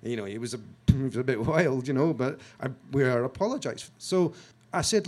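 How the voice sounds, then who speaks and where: A man from Scotland telling a story to an audience, self-mocking and halting, with frequent restarts, acting out what other people said. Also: mid-range voice, lively intonation, darkish tone. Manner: halting restarts and repeated words. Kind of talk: storytelling talk.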